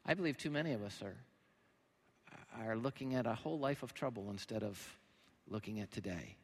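A man preaching a sermon as pastor, animated, swinging between loud emphatic lines and quiet, low ones. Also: fairly quick, breathy edge, big-room sound.

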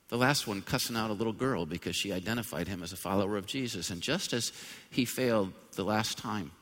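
A male pastor delivers a sermon in a church auditorium, his mid-range voice carrying a long reverb from the large hall. He talks in an easy, conversational way, then builds to loud, soaring emphasis. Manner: conversational preaching that swells into loud, high-pitched emphasis.

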